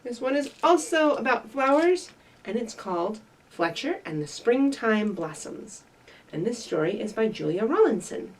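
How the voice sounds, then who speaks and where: Lively woman reading story time, big pitch swings, mic set back. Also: moderate pace, recorded from a distance, rough recording. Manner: bright, sing-song, animated. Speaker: children's librarian.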